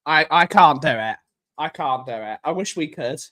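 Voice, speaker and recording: A man chats casually on his live stream, wandering from thought to thought. He repeats his lines and cracks jokes, and his voice sits a little on the high side. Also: lively intonation, normal speed, pushed and bright. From United Kingdom. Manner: rambling, repeats himself, jokey.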